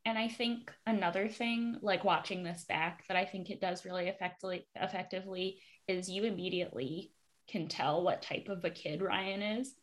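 A woman with a fairly low voice co-hosts a casual podcast. She recaps an episode in a relaxed way, with plenty of fillers. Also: normal speed. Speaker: podcast co-host.

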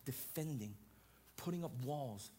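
A man preaching a sermon on marriage, loud and expressive, often checking in with "right?". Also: mid-range voice, unhurried. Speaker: pastor.

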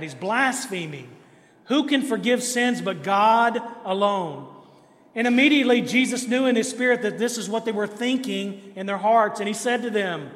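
Pastor, male, high voice, emphatic preacher, reverberant church hall. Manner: emphatic preaching with repeated refrains. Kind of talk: sermon. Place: church sanctuary.

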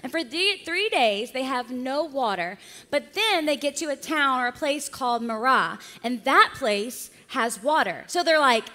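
A woman pastor preaching a sermon, lively and acting out the voices of people in the story. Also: sits high, measured pace, in a large hall.

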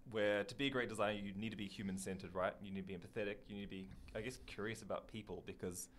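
A man's voice: lowish voice, fairly even intonation, rapid-fire, a little hiss or hum. A man hosting an interview, thinking aloud as he asks his questions. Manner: encouraging, thinks aloud while asking. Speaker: host. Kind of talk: casual interview.

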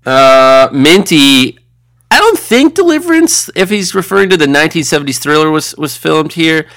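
A man's voice: a little high, sing-song, normal speed, a bit bright. A man playing the upbeat host of a comedy podcast, reading listener letters and keeping the peace between his co-hosts.

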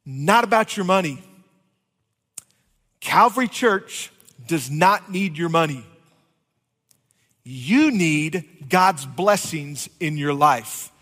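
A man's voice: a little high, animated, takes it slowly, pauses often, fairly bright tone, long reverb tail. A man preaching a conversational sermon as pastor, joking with his congregation. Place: church sanctuary.

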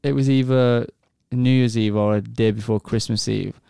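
A man's voice: mid-range voice, steady tone, moderate pace, creaky, mellow, clear, resonant tone, no room sound, clean studio sound. A young man chatting casually in a laid-back way. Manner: laid-back, laughs often, frequent agreeing. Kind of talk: casual chat.

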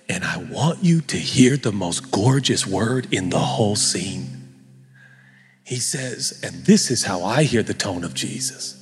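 A middle-aged man preaching a sermon as pastor, animated and joking in a conversational way. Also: fairly low pitch, measured pace, slightly rough, long reverb tail.

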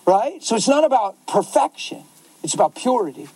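A man's voice: very high voice, big pitch swings, normal speed, warm tone, slightly rough, no room sound, rough recording. A man pastor answering questions in a passionate, emotional preaching style.

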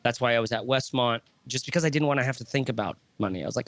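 A man's voice: medium pitch, expressive, rapid-fire, few pauses, fairly bright tone, dry recording. A man in his thirties talking as a podcast guest, rambling and joking, often breaking off his own sentences. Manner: rambling, joking, self-interrupting. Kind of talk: casual conversation.

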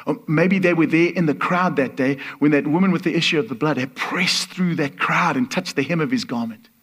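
A man's voice: a little high, fairly quick, fairly bright tone, husky. A man preaching a sermon as a guest speaker, telling a story and acting out the voices in the quotes. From Portuguese.

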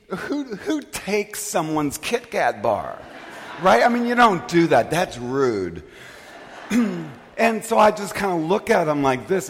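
A man preaching a storytelling sermon as pastor, animated and poking fun at himself. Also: medium pitch, a little hiss or hum. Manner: animated, self-mocking storyteller. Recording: long reverb of a large hall.

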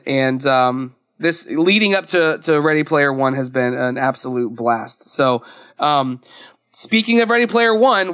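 Young male podcast co-host, high-pitched, casual and rambly. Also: fairly bright tone. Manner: chatty, rambling, laughs often. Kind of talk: casual chat.

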